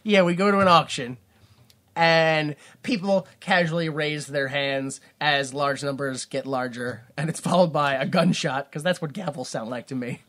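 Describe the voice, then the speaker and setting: Bright-voiced man recapping a movie. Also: fairly high pitch, steady tone, normal speed. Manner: rambling, jokey retelling with put-on quotes. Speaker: podcast co-host recapping a film. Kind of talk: casual comedic chat.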